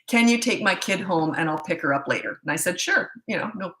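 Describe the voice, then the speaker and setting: A woman's voice: fairly low pitch, animated, fairly quick, a bit bright. A middle-aged woman parenting coach, answering viewer questions in a blunt, chatty way with storytelling asides. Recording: echoey room.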